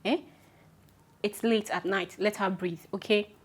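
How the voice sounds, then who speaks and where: A young woman with a Nigerian accent talks straight to her viewers in a chatty vlog. She repeats her instructions with firm emphasis, and her voice sits at a middle pitch. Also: fairly even intonation, unhurried, slightly rough. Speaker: vlogger. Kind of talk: casual advice talk to camera.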